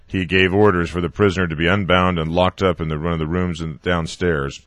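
A man's voice: sits low, steady tone, fairly bright tone, no room sound. A man reading a novel aloud on a radio show, stumbling often and correcting himself. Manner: halting, with frequent restarts and filler sounds. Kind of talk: audiobook-style reading.

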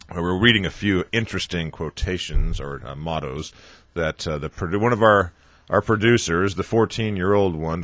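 A man's voice: extremely low pitch, a bit bright, no room sound. A man hosting a radio talk show, reading joke lines and adding dry asides with chuckles.

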